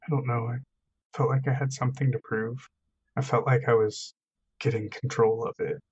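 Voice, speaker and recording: A tabletop player voicing a troubled young man who is losing control of a strange power, speaking quietly and earnestly. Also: mid-range voice, fairly even intonation, normal speed, dull audio, a little hiss or hum, close to an everyday voice. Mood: subdued. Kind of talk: in-character tabletop role-play.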